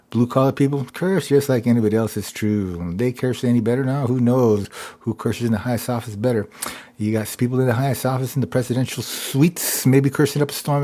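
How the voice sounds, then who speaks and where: Mellow and medium-pitched, this man hosts a live stream, rambling repetitively and returning again and again to "it's true."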